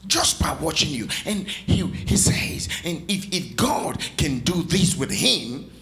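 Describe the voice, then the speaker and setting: A man's voice: on the high side, expressive, slow, fairly bright tone. A man preaching a sermon in a church, calling out to the congregation and teasing them with playful asides. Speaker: pastor.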